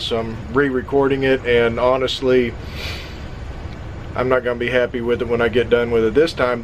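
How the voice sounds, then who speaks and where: A man talking casually on an RV vlog, relaxed and self-deprecating as he re-records a segment. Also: medium pitch, poor audio. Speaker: RV vlogger. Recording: faint ambient noise.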